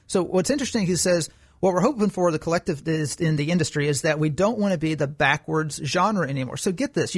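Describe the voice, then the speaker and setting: A man co-hosting a political talk podcast, his voice pitched a little high. He lectures emphatically and drives each argument home. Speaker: podcast co-host. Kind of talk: political commentary chat.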